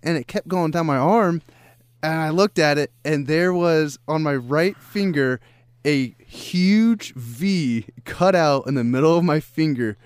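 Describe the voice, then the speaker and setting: A man's voice: a little high, unhurried, clean tone, no echo. A young man telling a story on a casual podcast, laughing often, swearing and acting out what people said.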